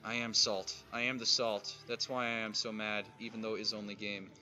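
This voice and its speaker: Bright-voiced man grumbling through a game. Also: on the low side, level tone, fairly quick, soft background music. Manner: grumbling, swears at game creatures; jumps between mutters and loud outbursts. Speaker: gaming streamer. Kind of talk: casual let's-play commentary.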